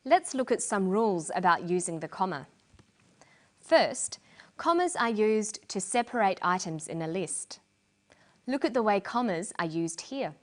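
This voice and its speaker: A middle-aged woman presenting an English lesson in scripted narration, explaining clearly and deliberately. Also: mid-range voice, expressive.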